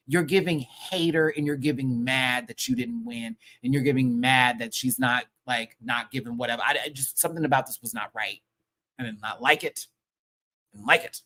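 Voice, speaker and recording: A man's voice: medium pitch, expressive, normal speed, pushed and bright. A man hosting a live review show, ranting in a sassy, heated and profane way full of slang. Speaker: show host reviewing a TV episode.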